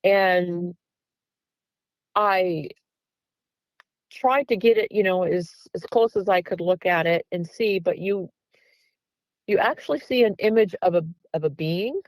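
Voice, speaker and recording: A woman's voice: on the low side, measured pace, long pauses, dry recording, poor audio. A woman, a guest researcher, casually telling a story in an interview and acting out the back-and-forth dialogue, with plenty of "um" and "like". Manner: chatty, with frequent "um" and "like".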